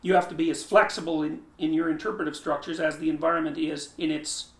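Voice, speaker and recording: A man's voice: on the high side, fairly even intonation, fast talker. A man, an interview guest explaining his ideas with emphasis and frequent restarts. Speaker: interview guest, psychology professor. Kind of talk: thoughtful conversational explanation. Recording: roomy echo.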